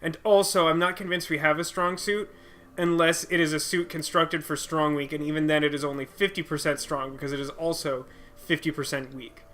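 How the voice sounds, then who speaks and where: A man's voice: on the high side, steady tone, fairly quick, pushed and bright. A man co-hosting a let's play, giving casual gameplay commentary in a rambling, playful, self-mocking way.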